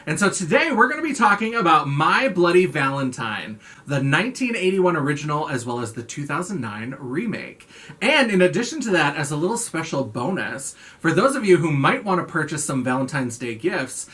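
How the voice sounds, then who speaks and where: Playful, animated woman vlogger. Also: low-pitched. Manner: playful, sarcastic, theatrical asides. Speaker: horror vlogger. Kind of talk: casual video chat.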